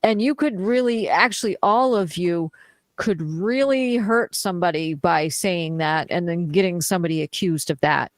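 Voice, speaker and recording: A woman's voice: lowish voice, normal speed, no room sound. A woman co-hosting a live stream, ranting with indignant, profane emphasis. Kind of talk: angry live stream rant.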